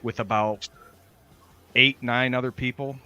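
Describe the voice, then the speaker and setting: A man's voice: mid-range voice, steady tone, measured pace, sharp tone, clean tone, highs cut off. A man chatting casually on a podcast, hesitant and often trailing off mid-sentence. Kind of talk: casual chat.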